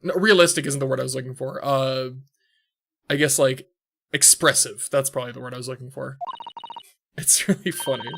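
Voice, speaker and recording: A man's voice: mid-range voice, fairly even intonation, brisk, vocal fry, pauses often, a bit bright. Casual swearing male streamer. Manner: casual, swearing, laughing asides. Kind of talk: casual gameplay commentary. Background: game music.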